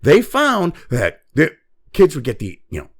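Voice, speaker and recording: A man hosts a commentary show with a voice on the high side, swinging hugely in pitch at a measured pace. He rants angrily in a profane opinion piece, swearing constantly and throwing in mocking asides in quoted voices.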